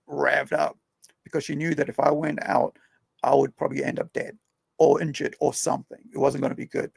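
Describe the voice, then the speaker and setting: A young man hosts a podcast, spinning stories in a rambling, conversational way and often ending his sentences with tag questions. His voice is mid-range, creaky and slightly rough, and there is no echo in this casual storytelling chat.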